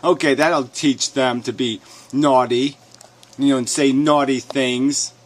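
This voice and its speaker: A man's voice: mid-range voice, steady tone, takes it slowly, slight background noise. A man ranting in a sarcastic, mocking tone, swearing often and chuckling as he reacts to a clip. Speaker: commentator. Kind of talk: profane rant reacting to a clip.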